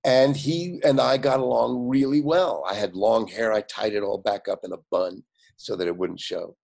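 An older man with a low, gravelly, somewhat husky voice tells stories at length. He brings the people in his stories to life by voicing their lines, and scatters fillers and laughs through his speech. He comes across as a lively, animated storyteller. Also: moderate pace. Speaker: guest. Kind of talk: anecdotal storytelling.

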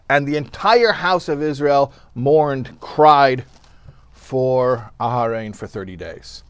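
Slow, unhurried male Torah teacher. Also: medium pitch, smooth, no echo. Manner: unhurried, reads Hebrew then translates it. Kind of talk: weekly Torah lesson with an opening joke.

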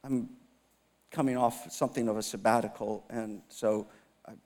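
A pastor in his fifties delivers a sermon in a medium-pitched voice. He tells a personal story with self-mocking humor and acts out the dialogue. His voice carries a long reverb from a large church hall. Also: steady tone, normal speed, a little mellow. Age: 50s.

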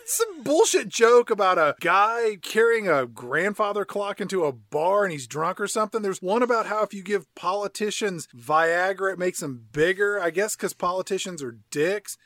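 A man's voice: sits high, lively intonation, moderate pace, hardly any pauses, fairly bright tone, no room sound, clean studio sound. A man co-hosting a podcast, recapping a movie in a sarcastic, riffing way. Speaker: podcast co-host.

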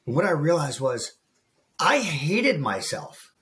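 A man's voice: fairly high pitch, very animated, takes it slowly, fairly bright tone. A man around forty, a guest coach on a podcast, telling a personal story in an earnest, emotional way and calling the host bro. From United States. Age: about 40. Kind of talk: candid podcast interview.

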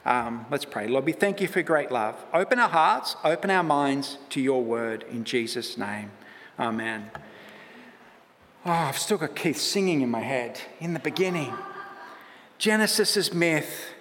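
A man with an Australian accent preaching a sermon as pastor, chatty and self-deprecating, with lively asides. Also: mid-range voice, unhurried, big-room sound, a little hiss or hum.

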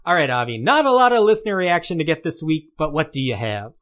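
A man's voice: on the high side, very animated, fast, fairly bright tone. A man co-hosting a live-streamed podcast in casual chat, joking and trading wisecracks. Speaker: podcast co-host.

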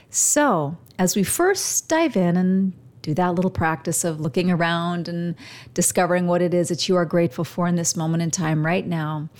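Woman hosting a slow, gentle self-help talk. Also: fairly low pitch. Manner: slow, gentle, reflective delivery with pauses. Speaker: show host.

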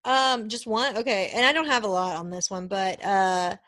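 A woman chatting casually with a co-host, animated and full of fillers, getting worked up. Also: medium pitch, normal speed, no echo, studio quality. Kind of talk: casual chat.

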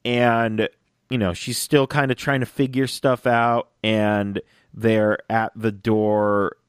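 Excited low-voiced man gushing casually. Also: takes it slowly, clear, resonant tone, no room sound, clean studio sound. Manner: excited, rambling, acts out quotes. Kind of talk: casual fan discussion.

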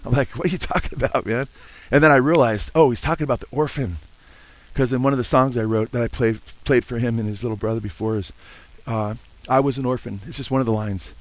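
A man's voice: medium pitch, steady tone, quick pace, rough recording. An older man preaching a sermon, earnest and full of amens, now and then singing hymn lines. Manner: earnest, warm-hearted preaching with frequent amens; sings hymn lines between teaching. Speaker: pastor.

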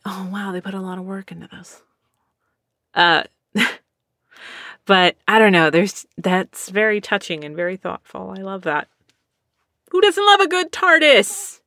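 A woman's voice: medium pitch, fairly bright tone, no room sound, clean studio sound. Chatty woman with a lisp. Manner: rambling and chatty, laughs often. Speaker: streamer reading viewer comments. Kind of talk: casual chat.

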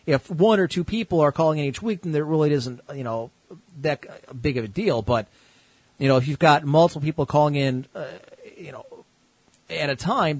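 A male host running a casual internet call-in show, chatting loosely and cracking crude jokes. His voice sits slightly high for a man and sounds very dry and close. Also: no room sound, rough recording. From United States. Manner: laid-back, joking, crude.

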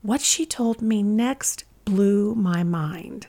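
A woman hosting a podcast, announcing the episode in a clear, upbeat way and reading a listener's letter aloud. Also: medium pitch, takes it slowly, hardly any pauses, dark tone. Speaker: podcast host.

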